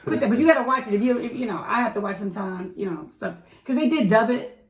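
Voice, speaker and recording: A woman co-hosting a casual movie review, talking in a chatty, animated way with quick asides. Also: on the high side. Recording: echoey room, mic at a distance.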